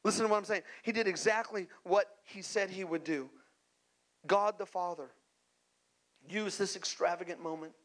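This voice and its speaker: A man with a notably high voice delivers a sermon, building to emphatic peaks and calling out to the room. He slips into casual asides between points and often repeats a word as he restarts. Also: normal speed, fairly bright tone. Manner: emphatic preaching with call-outs to the congregation; conversational asides and repeated words. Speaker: pastor.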